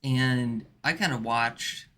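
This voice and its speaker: A man's voice: medium pitch, takes it slowly, pushed and bright. A man streaming, chatting casually in a rambling way with many fillers and restarts. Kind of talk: casual chat.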